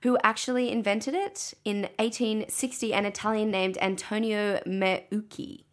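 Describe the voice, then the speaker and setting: A woman's voice: mid-range voice, measured pace, slight background noise. A woman co-hosting a podcast, leading a segment and reading out a list with dry asides. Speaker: podcast co-host. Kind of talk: casual chat.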